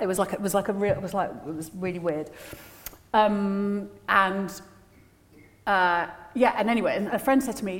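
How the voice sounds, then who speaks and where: A woman speaks on stage in a candid, rambling, self-deprecating way, full of fillers and restarts. Her voice sits at an ordinary pitch. The sound carries a long hall reverb from the live venue. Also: steady tone, normal speed, a bit bright. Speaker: author guest. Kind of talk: candid conversation at a live festival event. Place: large venue with a live audience.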